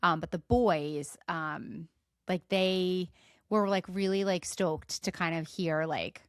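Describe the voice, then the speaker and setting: A woman's voice: on the low side, slow, clear, resonant tone, dry recording, studio quality. A middle-aged woman co-hosting a podcast, chatting casually about her son with lots of fillers. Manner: chatty, many "like" fillers, rising excited questions. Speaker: podcast co-host. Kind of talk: casual chat.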